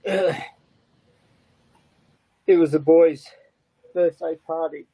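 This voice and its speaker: This is an older man speaking as a tearful, grieving father. His voice sits a little high and keeps breaking. He talks haltingly and circles back over the same words. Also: steady tone, breathy edge, dry recording, dull audio. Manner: halting, repeats himself, voice breaking. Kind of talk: emotional interview talk.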